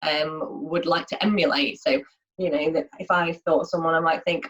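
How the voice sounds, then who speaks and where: A woman with a lowish voice gives a casual online lunchtime lesson. She explains in a chatty way, often using fillers and restarting her sentences. The audio is dull and lo-fi. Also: fairly even intonation, moderate pace, fairly bright tone. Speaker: workshop presenter. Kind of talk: informal online lunchtime talk.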